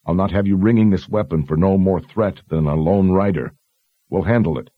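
A commanding woman sergeant, stern and steady in her calm authority, as a male narrator puts her on. The voice stays fairly low and a little husky. The recording is dry and slightly dull. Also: moderate pace, no room sound.

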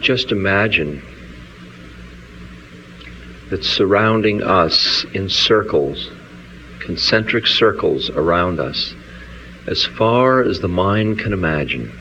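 A man with a very deep voice leads a guided meditation. He speaks in an unhurried, soothing way and stretches his phrases out. The recording is dull and lo-fi, with a faint hiss of ambience behind him. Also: animated, bright, forceful tone. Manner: slow, soothing, drawn-out phrases. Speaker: meditation leader.

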